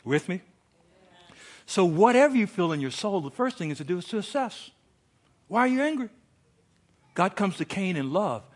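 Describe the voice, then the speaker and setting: A middle-aged man preaching a sermon, telling a story with big swings from hushed asides to shouted lines. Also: high-pitched, sing-song, moderate pace, pauses often. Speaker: pastor.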